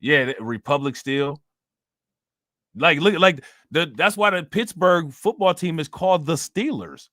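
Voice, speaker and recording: A young man whose voice sits on the high side speaks unhurriedly and expressively, with a bit of brightness. Hosting a livestream, he rambles and curses casually while answering chat, in echo-free studio-quality audio.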